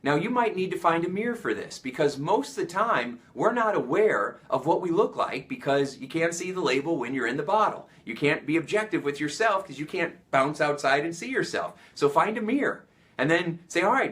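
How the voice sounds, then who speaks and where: A man with an American accent giving an energetic motivational talk, coaching listeners with many questions. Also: fairly high pitch.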